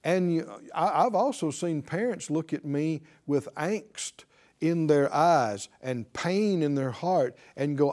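Middle-aged male preacher, unhurried, mellow tone, emphatic and repetitive delivery. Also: fairly high pitch. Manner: emphatic, repeats key words, acts out pleading prayers. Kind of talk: sermon.

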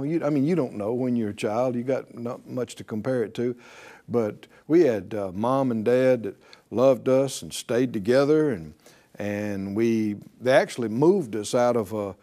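A man's voice: mid-range voice, dark tone. A middle-aged man teaching a sermon in a chatty, folksy way, often laughing and acting out the people he quotes. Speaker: pastor teaching a faith class.

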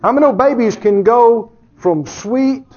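A man's voice: very high-pitched, a little slow, darkish tone, dull audio, a little hiss or hum. A man preaching a sermon who jokes with the congregation, chuckles often, and asks rhetorical questions.

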